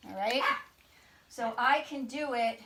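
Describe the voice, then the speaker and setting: A woman dog trainer demonstrating, mixing quick commands to her dog with upbeat explanation. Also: on the high side, heavy background noise.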